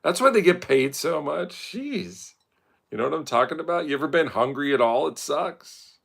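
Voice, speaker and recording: A man's voice: a little high, lively intonation, normal speed, creaky, a bit bright. A man, telling profane, rambling, self-mocking stories as a casual streamer.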